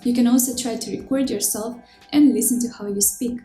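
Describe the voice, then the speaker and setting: A woman giving scripted, clear and measured pronunciation lessons, slowing down to demonstrate sounds. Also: on the high side, fairly even intonation, dark tone. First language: Russian. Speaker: language teacher. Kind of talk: scripted instructional narration. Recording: roomy echo with faint background music.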